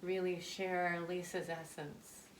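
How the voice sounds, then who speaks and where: A woman's voice: lowish voice, little pitch movement, slow. A woman guest in an interview, talking in a heartfelt, reminiscing way. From Canada. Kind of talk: interview conversation. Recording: echoey room from far off, faint noise.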